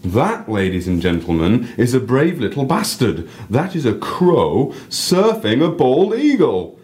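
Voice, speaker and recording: A man reading aloud as a boisterous, sweary male bird-show guide with a Northern English accent, in booming showman patter. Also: wildly swooping pitch, a little slow, a little mellow. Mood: excited showman.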